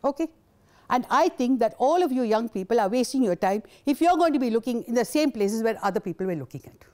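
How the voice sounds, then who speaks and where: High-pitched older woman speaking. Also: animated, fast talker, darkish tone. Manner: passionate, indignant storytelling. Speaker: invited speaker. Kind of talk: conference talk.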